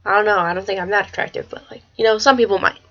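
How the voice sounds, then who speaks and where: Teen girl rambling on her webcam, gets excitable and swears, kinda muffled lo-fi audio. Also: mid-range voice, racing. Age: teens. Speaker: vlogger. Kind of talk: casual vlog chat. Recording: slightly dull lo-fi webcam audio.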